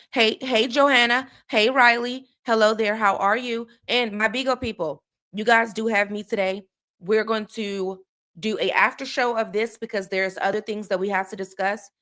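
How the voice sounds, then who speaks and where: A woman's voice: medium pitch, normal speed, sharp tone. A woman hosting a true crime live stream in a casual, chatty way. She greets viewers by name and keeps checking in with "okay?". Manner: conversational, checks in with frequent "okay?" tags.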